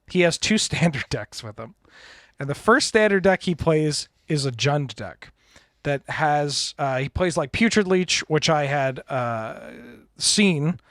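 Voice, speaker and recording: A man's voice: a little high, fairly bright tone, no room sound. A man co-hosting a podcast, telling stories in casual chat and laughing often. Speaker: podcast co-host. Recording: dry close studio sound.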